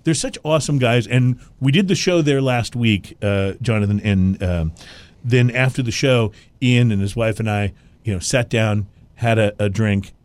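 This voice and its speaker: A man's voice: fairly low pitch, moderate pace, a little mellow. A man hosting a casual chat show, laughing often and restarting his sentences. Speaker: podcast host.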